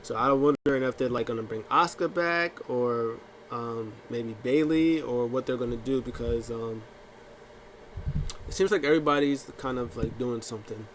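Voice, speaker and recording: A man talks through a wrestling episode in a loose, offhand way, stumbling over restarts and fillers. His voice sits at an ordinary mid pitch, with a faint hiss of noise underneath. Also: moderate pace, a bit bright. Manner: rambling with many fillers and restarts; acts out quotes in funny voices. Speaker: wrestling recap vlogger. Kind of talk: casual recap talk.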